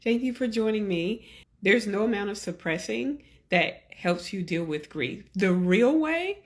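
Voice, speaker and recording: A woman hosting a podcast, talking earnestly to her listeners and gently coaching them in slow, deliberate phrases. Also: medium pitch, lively intonation. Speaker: podcast host. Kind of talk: reflective solo podcast talk.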